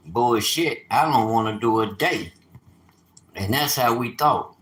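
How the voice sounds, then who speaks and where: A man in his fifties telling stories on a casual livestream, animated and streetwise, with sudden loud outbursts. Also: mid-range voice, measured pace, reverberant, low-quality recording. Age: 50s. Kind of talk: casual storytelling.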